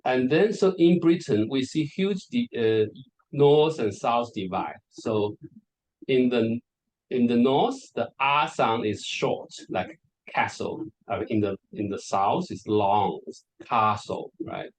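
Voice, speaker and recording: A man's voice: medium pitch, lively intonation, slow pace, darkish tone, rough recording. Chatty man presenting at a conference. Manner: casual, filler-heavy, with frequent "like" and "okay". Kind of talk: academic presentation.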